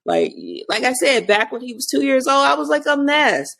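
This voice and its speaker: Animated, laughing woman guest. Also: high-pitched, moderate pace, creaky. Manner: animated storyteller, laughs often. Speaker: guest, autism advocate and mother. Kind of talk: casual podcast conversation.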